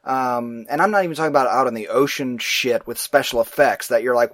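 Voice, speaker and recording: A man chatting casually about a film he watched, rambling, animated and quick to act out his own confused reactions. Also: mid-range voice, no echo, studio quality. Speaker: movie reviewer. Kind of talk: casual movie review chat.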